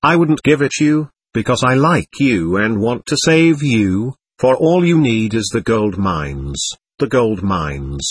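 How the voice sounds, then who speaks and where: A man's voice: medium pitch, lively intonation, slow, few pauses, breathy edge, no echo. A man reading as a gushing, fluttery society lady. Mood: airily dismissive. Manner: effusive, fluttery, sweetly condescending. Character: gushing, flighty society lady, middle-aged.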